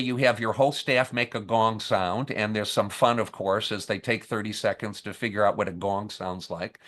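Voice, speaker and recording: A man guesting on a podcast, telling a training story with energy and acting out the lines people say. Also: on the low side. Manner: lively storyteller, acts out scenes with quoted lines. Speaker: podcast guest, camp staff trainer and author. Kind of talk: conversational interview.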